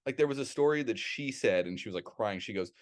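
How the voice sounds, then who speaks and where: A man co-hosting a podcast, chatting casually and telling a story in a rambling, animated way with plenty of swearing. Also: fairly low pitch, fast talker. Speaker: podcast co-host.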